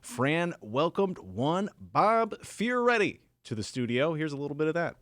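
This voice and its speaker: Man, upbeat brisk promo read, dry mic. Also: a little high, big pitch swings, a bit bright, no room sound. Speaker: podcast promo announcer.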